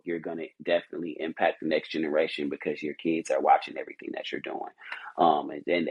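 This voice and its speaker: Guesting on a podcast, a man who runs a company speaks earnestly and motivationally, rambling with many restarts. His low-pitched voice is husky and a little mellow, on a low-quality recording.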